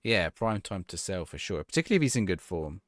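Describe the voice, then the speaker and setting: Chatty man, lively lowish voice. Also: fast, dry recording, studio quality. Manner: casual, rambling, answering chat questions. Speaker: streamer. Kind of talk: live-stream gameplay chat.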